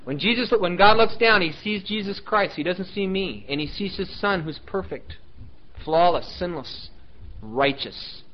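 A male pastor preaching a sermon, animated and emphatic, dropping now and then to soft, intimate asides. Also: high voice, measured pace, highs cut off.

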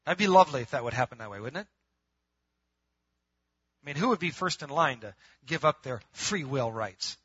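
A man preaching a sermon to his congregation in a lively, conversational way, moving from loud emphatic bursts to quiet, intimate pleading. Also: mid-range voice, normal speed, long pauses, breathy edge, no room sound, highs cut off. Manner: calls the congregation "gang", laughs between points. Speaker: pastor.

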